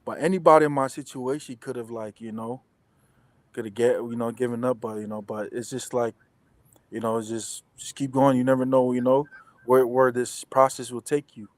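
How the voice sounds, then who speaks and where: A young man, a football player, chats as an interview guest. He rambles through his story with a lot of restarts and fillers. His voice is mid-pitched, and the recording is dry and close. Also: little pitch movement, normal speed, no room sound, low-quality recording. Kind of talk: casual interview chat.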